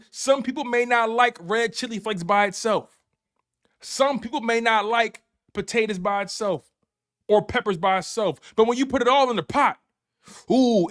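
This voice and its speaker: A man hosting a live sports talk stream, talking casually and repeating himself as he banters with his chat. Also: sits high. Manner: animated, repetitive, playful trash talk to chat. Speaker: sports show host.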